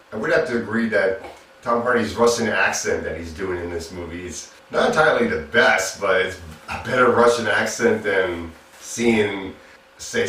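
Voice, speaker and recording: A man's voice: sits low, a bit bright, a little hiss or hum. A man giving a casual spoken film review in a plain, stop-and-start way, often restarting his words. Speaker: movie reviewer. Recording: very echoey room, mic at a distance.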